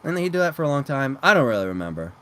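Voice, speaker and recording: Lively stammering man co-host. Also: mid-range voice, very fast. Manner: stammering, joking. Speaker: podcast co-host. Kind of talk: casual chat.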